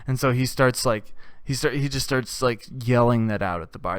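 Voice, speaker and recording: A man's voice: mid-range voice, moderate pace, smooth. Crude, rambling male comedian. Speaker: comedy show host. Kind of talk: comedic storytelling monologue.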